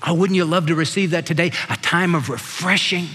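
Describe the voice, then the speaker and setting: An older man preaching a sermon with passion, dropping low and slow when he reads scripture. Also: fairly even intonation, bright, forceful tone, big-room sound. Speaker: pastor.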